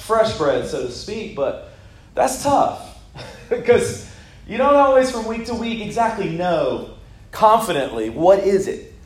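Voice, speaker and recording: A man delivers a sermon as if chatting with friends, telling personal stories and breaking into laughter now and then. His voice sits a little high for a man. The sound carries a noticeable room echo. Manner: conversational, laughs often, personal storytelling. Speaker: pastor. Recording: echoey room.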